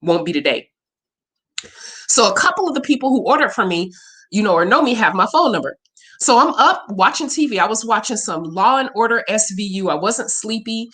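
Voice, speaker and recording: A woman's voice: mid-range voice, expressive, brisk, fairly bright tone. A woman hosting a casual livestream Q&A as a spiritual reader, talking in a candid, emotional and profane way.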